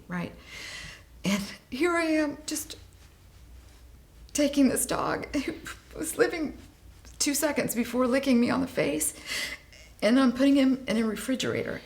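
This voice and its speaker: A woman in her late forties, a guest in an interview, tells a personal story with animated delivery. Her voice swings up and down as the tale goes along. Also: medium pitch. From United States. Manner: animated, vivid storyteller, voice rising and falling with the tale. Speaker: guest, animal welfare advocate.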